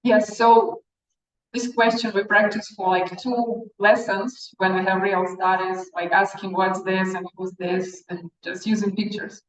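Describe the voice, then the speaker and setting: Slow, patient woman teacher. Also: mid-range voice, level tone. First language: Russian. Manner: slow, patient, repeats words for learners. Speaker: Russian language teacher. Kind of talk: classroom language lesson. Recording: roomy, distant, dull room sound.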